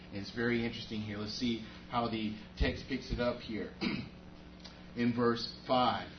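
Conversational pastor preaching in an echoey hall. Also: male voice, mid-range voice, a little hiss or hum. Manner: conversational and animated, with rhetorical asides to the congregation. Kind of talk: sermon. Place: church sanctuary. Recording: echoey, muffled church hall audio.

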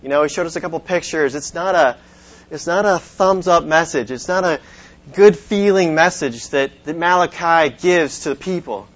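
A man preaching from the pulpit in a fairly high voice, speaking in a loose, conversational way that stumbles and restarts. The sound is dull and lo-fi. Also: normal speed. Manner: conversational, with many restarts and repeated words. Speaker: pastor. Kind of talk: sermon.

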